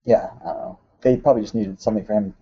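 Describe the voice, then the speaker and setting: A man hosting a casual podcast, rambling with lots of "uh"s and quick laughs. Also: lowish voice, mellow, breathy edge, lo-fi sound. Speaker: podcast host. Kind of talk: casual chat.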